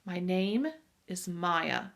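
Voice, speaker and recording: A woman reading as Maya, a calm, mysterious rescuer. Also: on the low side, very slow, heavily acted.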